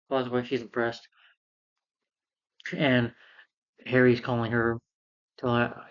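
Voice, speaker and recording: A man talks through a film review in a loose, rambling way, walking through the plot scene by scene and slipping into quoted lines. His voice sits at an ordinary middle pitch. The recording is dull and lo-fi. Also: level tone, normal speed, pauses often. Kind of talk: casual spoken film review.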